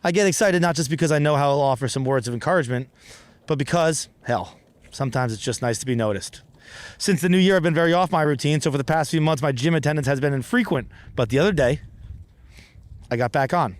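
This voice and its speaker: A man's voice: on the high side, quick pace, no echo. Rambling, profane male comedy storyteller. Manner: rambling, profane, self-deprecating with frequent restarts. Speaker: comedy podcast host. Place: outdoors in a city park.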